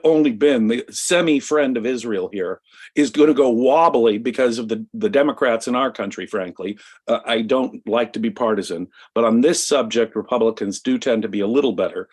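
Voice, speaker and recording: A man from the United States co-hosting a talk show, giving impassioned political commentary and speaking with emphatic conviction. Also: medium pitch. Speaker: co-host.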